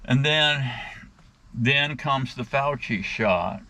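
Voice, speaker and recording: A man's voice: mid-range voice, slow, sharp tone. A middle-aged man in a casual rant to his viewers, blunt and crude, often calling them "guys". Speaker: vlogger.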